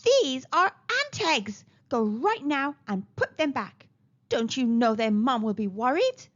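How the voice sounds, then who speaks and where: A woman voicing a stern old grandmother who scolds loudly. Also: high-pitched, very animated, unhurried, heavily acted. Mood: scolding. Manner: loud and scolding. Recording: slightly dull lo-fi recording.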